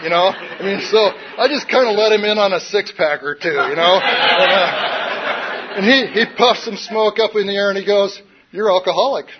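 A man telling a personal recovery story in a wry, self-mocking, rambling way, often saying "you know". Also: sits high. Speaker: recovery speaker. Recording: dull lo-fi recording.

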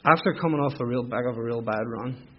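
A man's voice: medium pitch, fast, husky. A middle-aged man with a Belfast accent, candidly telling his own recovery story as personal testimony, with emotional repetitions. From Northern Ireland. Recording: dull lo-fi recording.

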